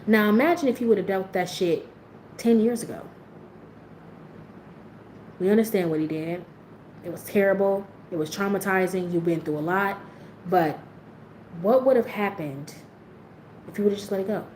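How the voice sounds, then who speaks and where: A woman's voice: mid-range voice, moderate pace, pauses often, a little mellow, reverberant, a little hiss or hum, poor audio. A woman hosting a livestream, speaking frankly and with plenty of swearing as she talks straight to her viewers in a candid, motivational way. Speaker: livestream host.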